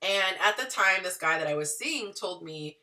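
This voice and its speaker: A woman in her thirties telling her story to viewers in a chatty, animated way. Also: lowish voice, normal speed, distant mic. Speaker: dating and relationship advice vlogger.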